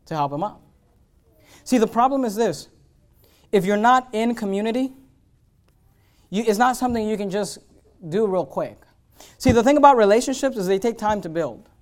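High-voiced preacher man, emphatic. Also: lively intonation, normal speed, long pauses. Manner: preaching with swings from hushed to loud, emphatic repetition. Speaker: pastor. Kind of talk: sermon.

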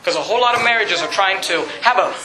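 A male pastor preaching an emphatic, shouting sermon in a church. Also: high-pitched, quick pace, echoey room, background noise. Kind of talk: fiery sermon.

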